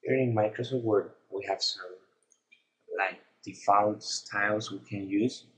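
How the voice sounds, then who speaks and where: A man narrating a screen-recorded software tutorial, explaining each step in a plain, unhurried way. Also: on the low side, fairly even intonation, rough recording.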